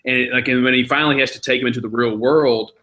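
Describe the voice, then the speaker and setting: A man's voice: medium pitch, steady tone, fast talker, pushed and bright. A man co-hosting a podcast, telling rambling stories in casual chat with lots of fillers. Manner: rambling, filler-heavy storytelling. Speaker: podcast co-host.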